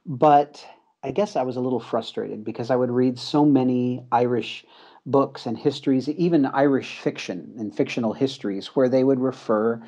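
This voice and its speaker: A man's voice: medium pitch, normal speed, muffled recording. An American man in his thirties or forties, a guest chatting casually in an interview, telling stories with chuckles and fillers. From United States. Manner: relaxed storyteller, chuckles often, many fillers.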